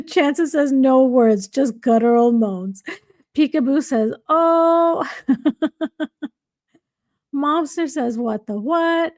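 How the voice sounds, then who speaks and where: A woman's voice: sits high, takes it slowly, long pauses, dark tone, no echo, clean studio sound. A woman hosting a casual livestream, reading viewer comments aloud and laughing often. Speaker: livestream host.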